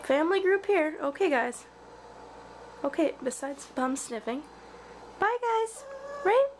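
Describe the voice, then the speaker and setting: A woman's voice: high-pitched, sing-song, measured pace, background noise. A woman at home chatting to her cats and dog in a sing-song baby-talk voice, repeating little greetings over and over. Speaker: cat owner filming her pets. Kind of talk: casual pet vlog. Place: at home indoors.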